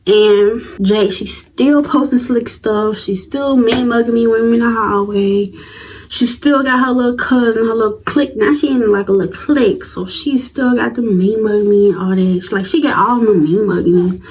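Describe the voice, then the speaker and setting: A 19-year-old woman telling a storytime vlog in a slangy, animated way. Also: a little high, normal speed, husky, rough recording. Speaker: vlogger.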